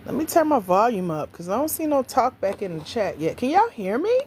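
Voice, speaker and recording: Woman livestream host, animated swooping pitch, chatty, playful, faint background noise. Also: fairly quick. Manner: chatty, playful, talks straight to viewers. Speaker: livestream host, grants coach. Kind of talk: casual livestream chat.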